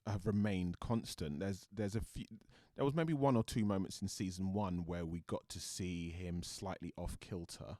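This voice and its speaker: A man's voice: low voice, moderate pace, hardly any pauses, mellow, no room sound, clean studio sound. A British man, an actor guest, chatting thoughtfully in an interview and often restarting his sentences. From Britain. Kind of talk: casual interview chat.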